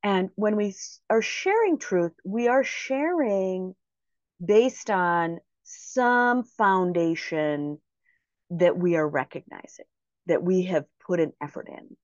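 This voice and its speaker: A woman giving a motivational talk, speaking slowly and deliberately and repeating phrases for emphasis. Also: on the low side, dry recording. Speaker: prosperity mindset speaker. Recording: dry, slightly muffled recording.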